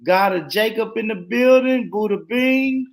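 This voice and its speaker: A man hosting a casual live stream, laid-back and laughing, rattling off shout-outs to viewers. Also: sits high, a little slow.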